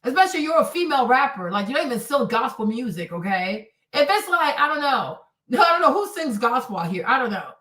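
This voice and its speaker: A woman hosting a livestream and commenting on clips in a blunt, exclamatory manner. Her pitch swings widely and stays fairly high. The sound is echoey, as if picked up from across a room. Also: big pitch swings, fairly quick, few pauses, a bit bright. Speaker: host. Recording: roomy and distant from the mic.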